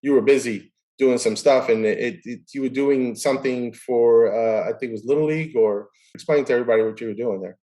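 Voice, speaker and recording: Animated man telling a story. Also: mid-range voice, fairly quick, few pauses, low-quality recording. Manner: animated storyteller who acts out dialogue. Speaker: host. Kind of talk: casual interview storytelling.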